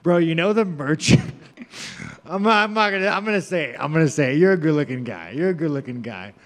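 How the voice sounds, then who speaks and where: Brash male fighter, profane and rambling, voice a bit high, reverberant hall. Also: lively intonation, fairly quick. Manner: profane, rambling, mocking banter. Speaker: professional fighter. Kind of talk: media scrum answers. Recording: reverberant room.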